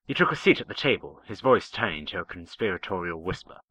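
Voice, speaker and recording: A man reading fan fiction aloud, narrating in a measured, expressive way. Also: sits low, dry recording, rough recording. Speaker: story reader.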